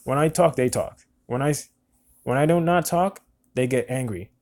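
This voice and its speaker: A man in his twenties telling a personal story in a halting, earnest way, often repeating words. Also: medium pitch, darkish tone. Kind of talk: personal monologue recounting events.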